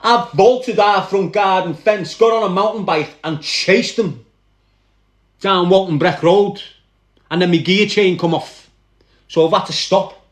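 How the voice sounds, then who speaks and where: A man with a Liverpool accent tells a story from his past in a high, lively voice, speaking straight to the people listening. He sounds like he is in a roomy, echoing space. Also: a little slow. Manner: animated, addresses listeners directly. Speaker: guest recounting his past. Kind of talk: dramatic first-person storytelling.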